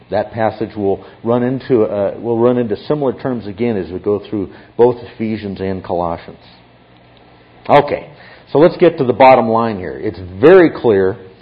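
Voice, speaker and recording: A man teaching a Bible class, explaining step by step and often checking in with his listeners. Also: medium pitch. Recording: dull lo-fi recording.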